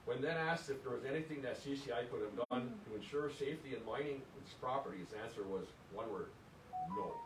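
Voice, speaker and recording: An older man from Michigan's Upper Peninsula giving an earnest, indignant history lecture, reading quotes aloud and restarting his words as he goes. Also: fairly quick. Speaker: presenter at an archives lecture. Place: lecture room. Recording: echoey room, distant mic, faint rumble.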